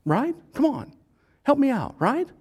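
A man's voice: very high voice, sing-song, measured pace, darkish tone, husky. A male pastor, preaching in a casual, joking way and acting out voices from the crowd. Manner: playful, jokey, acts out voices of the crowd.

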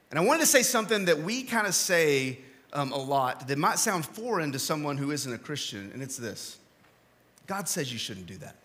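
A young man from Oklahoma preaching a casual, jokey sermon with many restarts. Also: high voice. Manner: animated, jokey, restarts often.

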